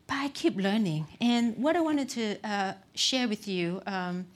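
A woman's voice: medium pitch, expressive, a little slow. A middle-aged woman pastor giving a conversational sermon, candid and self-deprecating, with frequent "um" and "you know.".

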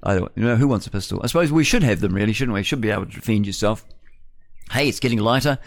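A man's voice: fairly low pitch, quick pace, vocal fry, no echo. A man hosting live radio in a wandering, chatty way, muttering asides to himself. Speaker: radio host. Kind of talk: rambling live radio chat. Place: radio studio.

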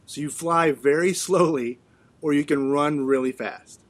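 A man's voice: fairly high pitch, a little slow. Laughing, playful man host. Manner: playful, reads out questions, laughs often. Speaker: podcast co-host. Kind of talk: casual chat.

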